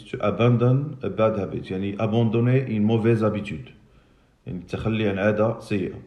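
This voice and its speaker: This English lesson comes from a Moroccan teacher whose voice is fairly low and warm. Patiently repeating and spelling out words for the class, he moves between English, Arabic, and French, with the room producing a noticeable echo.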